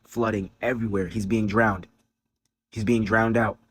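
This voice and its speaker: Man, video commentator, heated preachy rant, profane, repetitive, somewhat low voice. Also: flat delivery, moderate pace. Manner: angry, preachy, profane, repeats phrases for emphasis. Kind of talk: heated religious commentary monologue.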